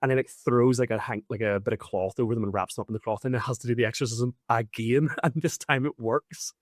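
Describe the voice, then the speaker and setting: A man hosting a podcast, recounting events in an animated, casual way with lots of fillers and swearing. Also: mid-range voice, quick pace, dry recording, studio quality. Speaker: podcast host. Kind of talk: casual storytelling.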